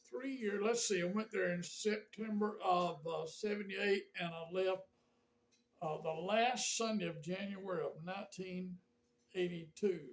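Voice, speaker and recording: Older pastor, rambly folksy storytelling, kinda high voice. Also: male voice. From Georgia, USA. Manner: folksy, rambling, with frequent fillers and restarts. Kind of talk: casual reminiscing monologue to camera.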